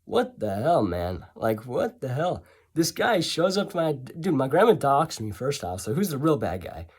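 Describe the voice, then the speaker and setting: A man tells a story in a loose, rambling style, full of sarcastic asides and self-corrections. His pitch swings widely as he talks. He sounds offhand and unscripted. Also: sing-song, moderate pace, darkish tone, slightly rough. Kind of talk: casual storytelling.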